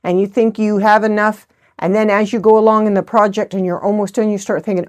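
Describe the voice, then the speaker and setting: A woman's voice: medium pitch, flat delivery, a little fast, darkish tone. A middle-aged woman hosting a crafting vlog, chatting in a rambling, good-humored way. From United States. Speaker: host of a knitting channel. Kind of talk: casual chat.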